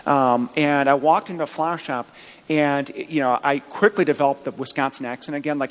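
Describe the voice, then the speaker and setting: A man's voice: on the high side, animated, fairly quick, big-room sound, rough recording. A man preaching a sermon as pastor, chatty, with joking asides. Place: church.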